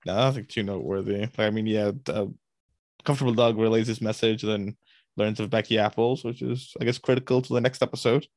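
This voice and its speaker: A man's voice: on the low side, fairly even intonation, brisk, a little mellow, no echo, clean studio sound. Hesitant man co-hosting a podcast. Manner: hesitant, laughing, unsure. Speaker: podcast co-host. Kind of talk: casual episode discussion.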